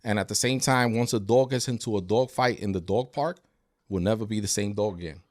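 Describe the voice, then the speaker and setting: Animated man, dry close sound. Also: lowish voice, fairly quick, no echo. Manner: animated storyteller, acts out dogs and people. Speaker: dog trainer. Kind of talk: casual podcast chat.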